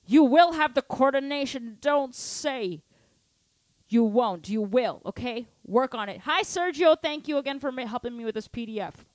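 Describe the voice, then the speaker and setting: Woman drum teacher, live stream; upbeat, encouraging, filler-heavy chat, slightly high voice, dry close sound. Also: no echo. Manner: encouraging, chatty, many "like" fillers. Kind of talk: live online drum lesson.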